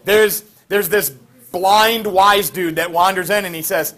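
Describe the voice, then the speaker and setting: A male teacher retelling an ancient myth to his class in a jokey, slangy, animated way, with many fillers. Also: high-pitched, a little slow, some chatter behind. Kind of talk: classroom storytelling lecture. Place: classroom with students.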